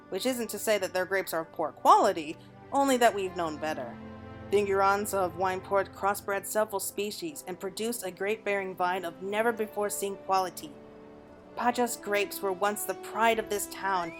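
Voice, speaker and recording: Lightly acting in a mid-range voice, a woman reads lines for a game's blind former mercenary, now a male wine connoisseur. She keeps his speech calm, measured, and refined.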